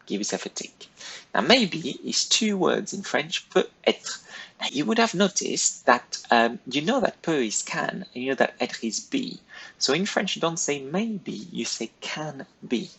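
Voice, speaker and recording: A man's voice: a little high, sing-song, measured pace, bright, forceful tone, rough recording. A man teaching a recorded French lesson, giving patient, step-by-step instructions to pupils. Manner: patient, step-by-step, clearly paced directions to pupils.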